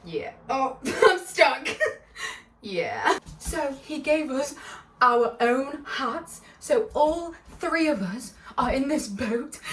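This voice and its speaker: A high-pitched woman with a fairly bright tone rambles through a casual storytime vlog, bubbly and giggly and full of side comments. The mic is distant and the room echoey, so her voice comes across a bit off-mic.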